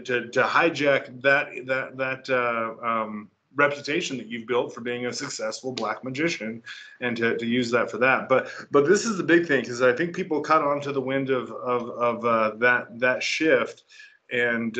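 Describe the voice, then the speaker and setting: A man hosting a casual interview over a video call, halting and repeating words as he searches for them. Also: mid-range voice, a bit bright, lo-fi sound. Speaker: podcast host.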